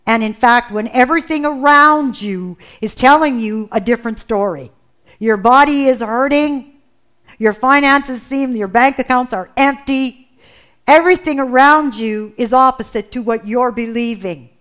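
A woman's voice: a little high, unhurried, fairly bright tone. A woman preaching a sermon in an earnest way, building intensity through emphatic repetition.

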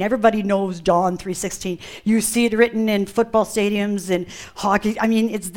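A woman preaching a sermon, emphatic and expressive, full of rhetorical questions to the congregation. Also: mid-range voice.

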